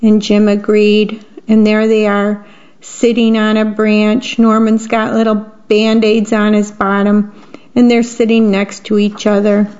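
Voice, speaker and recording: A woman's voice: medium pitch, monotone, a little slow, a little mellow. A woman reading picture books aloud and describing the pictures between the lines. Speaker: reader. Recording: dull lo-fi recording.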